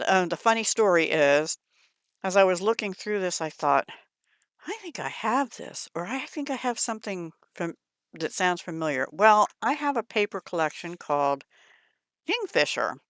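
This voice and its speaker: A woman's voice: on the low side, fairly bright tone, clear, resonant tone, dry recording. A middle-aged woman hosting a crafting channel, chatting casually in her craft room and gushing over supplies with murmured asides.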